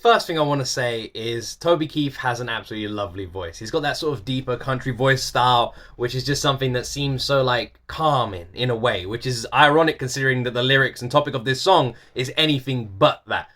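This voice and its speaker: A man's voice: mid-range voice, fairly quick, hardly any pauses, fairly bright tone. A young man with a mixed British accent, raised in the UK, rambling earnestly through a reaction video with lots of fillers and repeats. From Irish-born, raised in the UK. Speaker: music reaction video host. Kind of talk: casual reaction commentary.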